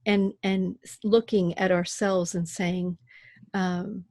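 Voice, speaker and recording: A middle-aged woman chats as a podcast guest, slipping into little acted voices as she tells her stories. Her voice sits at a middle pitch and is heard close and dry, with no room sound. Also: slow, dry recording. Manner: animated storyteller who acts out voices. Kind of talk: casual podcast conversation.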